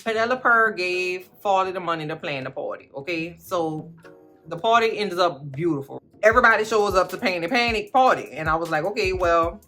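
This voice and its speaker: A woman giving a casual, sassy recap of a TV show, animated and talking straight to her viewers. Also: on the low side, brisk, soft background music. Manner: animated, sassy, swearing, talks to viewers directly.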